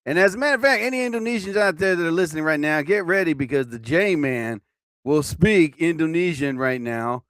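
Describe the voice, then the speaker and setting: Middle-aged male streamer, slightly high and very animated delivery, rambling and cursing, quick to laugh at himself. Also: smooth, dry recording, clean studio sound. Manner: rambling, swearing and laughing at his own jokes. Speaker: live stream host. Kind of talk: casual live stream chat.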